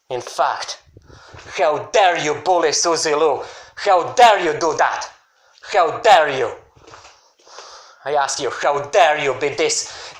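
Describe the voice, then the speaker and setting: Furious ranting man in an echoey room. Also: a little high. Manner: scolding, repetitive, sometimes shouting. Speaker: YouTuber answering a critic. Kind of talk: angry video rant.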